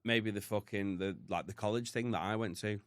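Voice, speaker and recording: A British man with a very low, deep voice recounts his past candidly, swearing freely as he talks. The sound is close and dry, with no room around it. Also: fairly even intonation, brisk, clear, resonant tone, dry recording. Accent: British English. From United Kingdom. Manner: blunt, heavy swearing, emotional retelling. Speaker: podcast guest. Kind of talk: candid storytelling.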